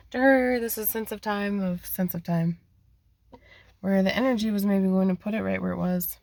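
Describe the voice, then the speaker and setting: Gravelly-voiced woman giving a rambling spirit reading. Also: mid-range voice, a little mellow, no echo. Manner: rambling, repetitive, voices quoted messages. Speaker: spiritual card reader. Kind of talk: channeled intuitive card reading.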